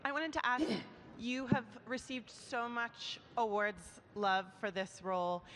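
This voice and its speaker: Bright-voiced woman reporter. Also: a little high, slow, in a large hall, a little hiss or hum. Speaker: magazine reporter. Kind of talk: press conference question.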